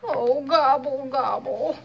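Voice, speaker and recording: A woman's voice: high-pitched, takes it slowly, gravelly, muffled recording, exaggerated voice. A woman voicing a worried young male turkey in a storybook, with plaintive, whining questions.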